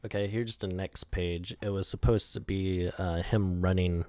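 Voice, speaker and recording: A man's voice: low voice, steady tone, unhurried, a little mellow, no echo. A young man casually talking through his own storyboards, rambling, laughing often and swearing, with lots of "like" in his speech.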